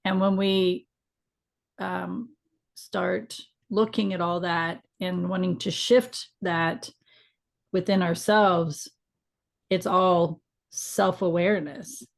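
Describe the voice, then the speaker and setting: A woman's voice: fairly low pitch, fairly even intonation, slow, creaky. A middle-aged woman co-hosting a casual spiritual chat, talking in a frank, reflective way with some mild swearing. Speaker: podcast co-host.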